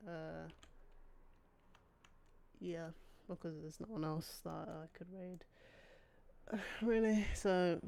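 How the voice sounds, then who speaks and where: A woman streaming a game, reacting with loud, sweary outbursts and shrieks of disbelief. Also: lowish voice, clear, resonant tone.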